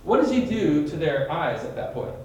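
Man, Bible study leader, teaching sermon, quizzes listeners, lively retelling, distant mic, faint background noise. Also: a little high, normal speed, muffled recording. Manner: animated, quizzes listeners by name, dramatic retelling. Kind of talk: teaching sermon with questions to a group. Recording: echoey room from far off.

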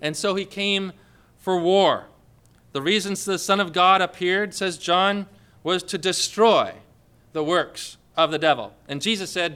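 Male preacher, high and bright, clear voice, dramatic emphatic sermon delivery. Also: measured pace.

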